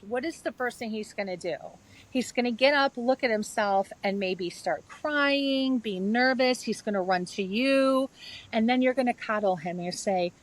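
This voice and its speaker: A middle-aged woman guest speaks in a fairly high voice. She talks earnestly in a relaxed interview, walking through a practice step by step and leaning on everyday examples. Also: moderate pace, rough recording. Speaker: guest author and yoga therapist. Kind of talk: conversational interview.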